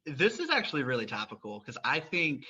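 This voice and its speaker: A man's voice: medium pitch, a little fast, slightly rough, highs cut off. A man from North Carolina with a Southern American accent, hosting a podcast interview in an upbeat, chatty way. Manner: upbeat, chatty, repeats words when excited. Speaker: podcast host.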